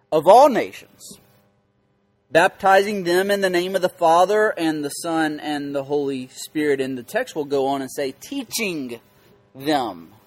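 A man preaching as a pastor, teaching scripture emphatically, repeating key words and quizzing his listeners. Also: on the high side. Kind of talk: interactive Bible teaching.

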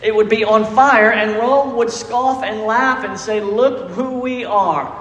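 In an echoey, reverberant church sanctuary, a pastor preaches emphatically, peppering the congregation with questions. His voice sits high, slow and a bit bright.

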